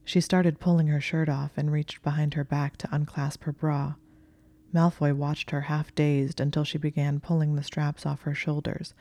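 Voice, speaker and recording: Even-toned, mellow audiobook narrator. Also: mid-range voice, moderate pace. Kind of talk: scripted narration of fan fiction.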